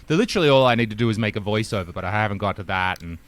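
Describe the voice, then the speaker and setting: Host: man from Europe, animated and bright, dry teasing chat. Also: fairly low pitch, racing. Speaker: podcast host. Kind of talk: casual podcast chat.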